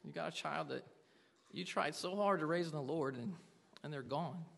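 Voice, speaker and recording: A man's voice: fairly high pitch, normal speed, vocal fry, fairly bright tone, in a large hall. A man preaching a sermon to a congregation, earnestly asking them question after question. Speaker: pastor.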